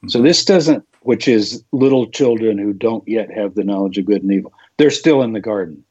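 A low-voiced man talks through a scripture passage like a patient teacher, explaining the wording point by point. The sound is dry and a little dull, as if from a modest lo-fi recording. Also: moderate pace, darkish tone, breathy edge, no echo. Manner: explanatory, lecturing. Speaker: Bible teacher. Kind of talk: conversational scripture discussion.

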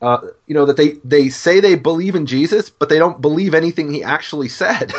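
A man's voice: on the high side, expressive, fairly quick. A man who teaches about the Bible talking in a casual discussion, earnest and stammering, often repeating words as he thinks aloud. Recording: muffled lo-fi audio.

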